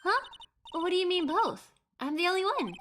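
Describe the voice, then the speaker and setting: A woman voicing an excitable, playful young woman sidekick from a game, reading the lines aloud with bright eagerness. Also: extremely high pitch, moderate pace, a little hiss or hum, voice pushed up. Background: game music.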